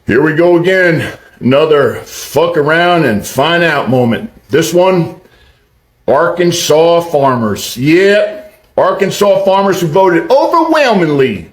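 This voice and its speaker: A man giving mocking political commentary, drawn-out and profane. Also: fairly high pitch, lively intonation, echoey room.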